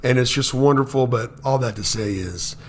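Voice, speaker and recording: A male show host who talks haltingly, repeats words and throws in enthusiastic interjections while interviewing. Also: medium pitch. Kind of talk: casual interview chat.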